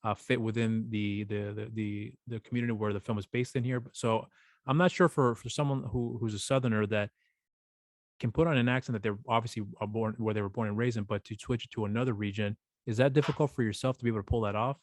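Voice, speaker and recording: Male host, deep-ish voice, talks fast, questions that wander and restart. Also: fairly even intonation, no echo, clean studio sound. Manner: long rambling questions with restarts. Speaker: podcast host. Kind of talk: casual interview.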